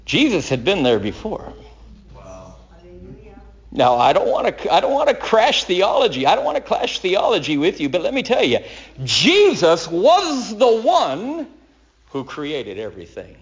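A man preaching a sermon, storytelling dramatically and swinging from loud declarations to hushed tones. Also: high-pitched, huge pitch swings, moderate pace, lo-fi sound.

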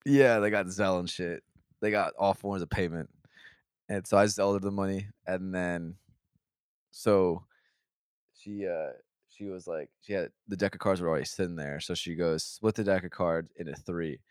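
Low-voiced profane storytelling man. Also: fairly even intonation, normal speed, smooth, no echo, clean studio sound. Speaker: podcast co-host. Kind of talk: casual storytelling chat.

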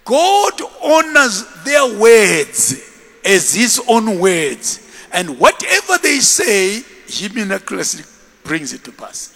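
High-voiced, animated preacher in a ringing hall. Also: male voice, slow pace, creaky. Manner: animated storytelling, acting out scenes. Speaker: bishop and preacher. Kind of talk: sermon.

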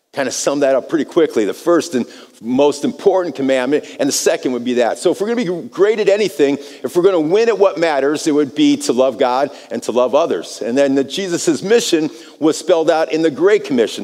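An American man preaching a sermon, telling a personal story in an animated way and often repeating words as he starts a phrase. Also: fairly high pitch. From United States. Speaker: pastor. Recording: long hall reverb.

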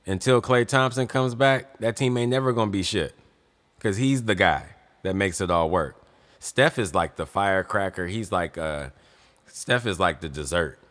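Deep-voiced young man arguing hard. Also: moderate pace, a bit bright. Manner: emphatic, insistent, repeats points. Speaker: podcast co-host, son. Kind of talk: casual sports debate.

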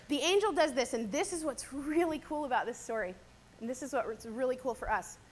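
A woman with a notably high voice gives a casual Bible teaching talk. She speaks conversationally, tossing in "kinda" and "right?" as she retells the story. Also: animated, brisk, slight background noise. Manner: chatty, conversational, often adds "right?" and "kinda".

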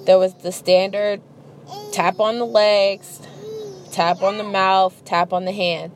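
Animated woman telling a profane story. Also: mid-range voice, takes it slowly, slight background noise. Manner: animated, profane, acts out voices. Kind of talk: casual storytelling monologue.

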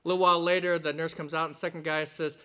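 A man preaching a sermon, animated, mixing scripture, a told joke and acted quotes. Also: fairly high pitch, rapid-fire, clear, resonant tone. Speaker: pastor.

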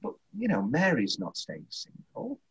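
A man's voice: on the high side, huge pitch swings, unhurried, slightly rough. A man co-hosting a casual film podcast, rambling and interrupting himself, often laughing mid-sentence. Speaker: podcast co-host. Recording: dull lo-fi podcast audio.

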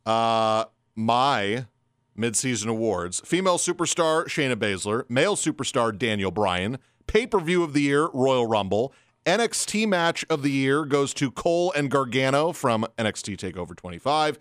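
A man co-hosting a casual wrestling podcast, talking fast and acting out what others said. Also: medium pitch, dry recording, clean studio sound. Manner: animated, acts out quoted lines. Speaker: podcast co-host.

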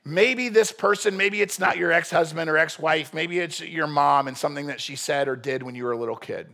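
A man preaching a sermon in a casual, emphatic way, with sudden loud bursts of force. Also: fairly high pitch, brisk, gravelly. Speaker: pastor.

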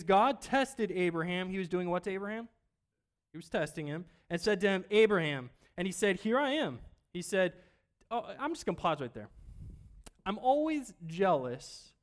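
A man preaching a sermon in a church, talking casually, asking the congregation questions and swinging between loud bursts and quiet asides. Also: sits high. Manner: conversational, asks the congregation questions. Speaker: pastor.

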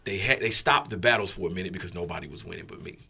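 A man's voice: low voice, very fast, gravelly, bright, forceful tone, husky. A middle-aged man, telling a story casually as a guest, swearing freely and acting out quotes.

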